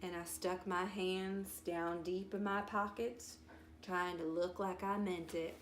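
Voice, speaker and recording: A woman's voice: on the low side, slow. Woman reading a folksy storybook aloud. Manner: folksy, expressive. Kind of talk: storybook read-aloud, first-person child narrator. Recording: roomy echo.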